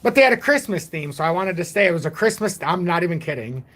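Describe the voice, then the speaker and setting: A man's voice: sits high, expressive, quick pace, fairly bright tone. A man in his forties hosting a casual crypto livestream, rambling and joking at his own expense. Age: 40s. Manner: rambling, jokey, self-deprecating. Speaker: crypto channel host.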